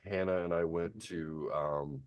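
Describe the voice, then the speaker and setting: A man's voice: low voice, steady tone, measured pace, clear, resonant tone, highs cut off. A man in his fifties, hosting a casual chat and telling a rambling story full of restarts. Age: 50s. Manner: acts out quoted people in a raised voice. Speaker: host.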